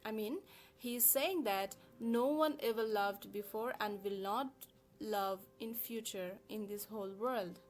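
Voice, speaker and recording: A woman lecturing on a poem in a careful, explanatory way, often pausing with "uh" as she works through her points. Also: mid-range voice, faint music behind. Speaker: literature teacher. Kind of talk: recorded poetry lesson.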